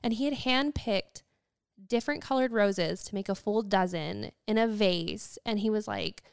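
A woman's voice: medium pitch, normal speed, vocal fry, clean tone, no room sound, clean studio sound. A young woman in casual conversation, telling a long personal story in a chatty way, acting out what people said, with lots of "like" and "um". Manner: chatty storytelling, quotes people, many fillers.

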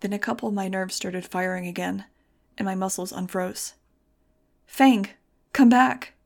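A woman reading a first-person audiobook in a measured, dramatic way. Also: medium pitch, level tone, vocal fry. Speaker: audiobook narrator. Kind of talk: scripted first-person narration.

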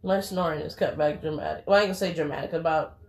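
A woman's voice: low-pitched, fast talker, roomy sound. A woman co-hosting a casual talk show, blunt and preachy, who swears casually. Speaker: podcast co-host. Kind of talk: casual chat.

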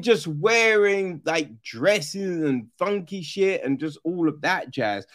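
A man giving a casual, profane film review, animated and often mimicking characters. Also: high voice, normal speed, few pauses.

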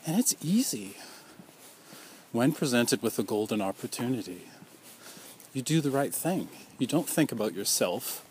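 A man's voice: mid-range voice, big pitch swings, measured pace, long pauses, darkish tone, slight background noise. A man speaking out as a survivor in an impassioned personal monologue, earnest and accusing, piling up repeated rhetorical questions.

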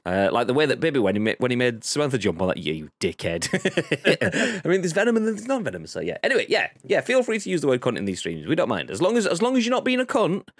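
A man's voice: fairly high pitch, huge pitch swings, fast, no room sound. A man co-hosting a casual live-streamed podcast, rambling, swearing freely and reading chat messages aloud. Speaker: podcast co-host.

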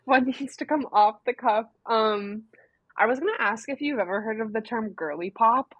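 A playful young woman co-hosting a podcast in loose, chatty talk. Her voice is a little husky, and the recording is dry, with no room sound. The sound is also somewhat dull and muffled. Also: on the high side, normal speed, no room sound. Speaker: podcast co-host. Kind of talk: casual chat.

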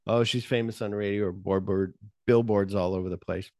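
A man's voice: lowish voice, fairly even intonation, fairly quick, a little mellow, dry recording, studio quality. A man hosting a podcast, casually recapping film scenes and acting out the characters' lines. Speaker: podcast host. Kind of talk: casual movie discussion.

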